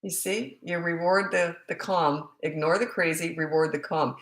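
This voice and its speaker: A woman's voice: fairly low pitch, moderate pace, few pauses, a bit bright. Emphatic woman in her fifties, roomy echo. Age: 50s. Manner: emphatic, repeats key advice, laughs at herself. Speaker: parenting coach. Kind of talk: live Q&A advice.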